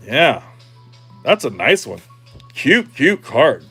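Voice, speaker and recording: A man's voice: on the high side, vocal fry, sharp tone, slightly rough. A middle-aged man chatting casually on a livestream as he opens card packs, repeating himself and cheering on each card. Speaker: streamer opening card packs.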